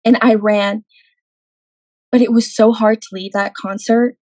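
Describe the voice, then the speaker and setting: A woman's voice: a little high, steady tone, unhurried, a little mellow, no room sound, low-quality recording. A young adult woman, a podcast guest, telling a personal faith testimony in an earnest way, acting out her own quoted words.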